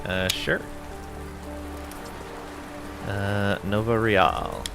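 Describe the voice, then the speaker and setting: A man streaming a casual game playthrough, reading story text aloud in a relaxed way with asides. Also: fairly low pitch, extremely slow, vocal fry, over music. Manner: relaxed, with frequent ums and asides.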